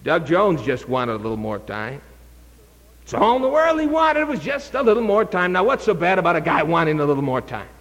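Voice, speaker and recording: A man's voice: fairly high pitch, sing-song, brisk. Urgent male preacher in an echoey hall. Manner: urgent, dramatic, shifting from hushed to loud. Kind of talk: evangelistic sermon.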